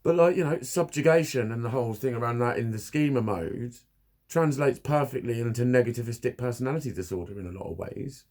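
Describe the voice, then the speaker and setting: A man's voice: mid-range voice, animated, fairly quick, darkish tone. A man talking candidly to camera about his therapy, blunt and swearing constantly, laughing at himself now and then. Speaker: vlogger. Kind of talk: candid personal talk to camera.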